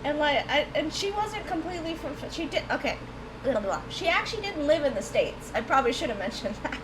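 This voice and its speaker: A woman with a touch of a Southern accent rambles and giggles while she plays a game on stream. Her voice sits high, and a faint hiss runs underneath. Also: very animated, fairly quick.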